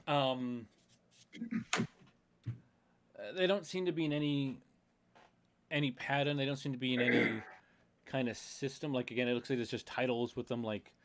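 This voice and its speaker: A man's voice: medium pitch, normal speed, fairly bright tone, slight background noise. A man running a tabletop horror game as game master, describing scenes in a rambling way full of fillers.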